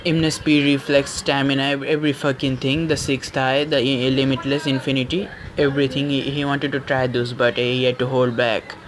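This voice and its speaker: A man's voice: medium pitch, flat delivery, slight background noise. Rambling, profane male storyteller. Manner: profane, rambling, halting restarts. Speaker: story narrator. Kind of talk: casual retelling of a fan story.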